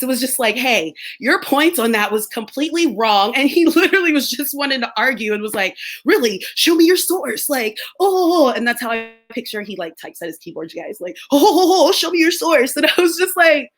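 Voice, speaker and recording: A young American woman chatting casually on a live stream, telling stories with lots of laughter and playful impressions of other people. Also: sits high. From United States. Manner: animated storytelling, laughs often, mimics others. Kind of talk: casual chat.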